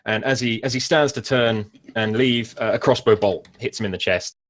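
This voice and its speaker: A man's voice: mid-range voice, normal speed, fairly bright tone. A man narrating as game master of a tabletop game, rambling and self-mocking with many fillers.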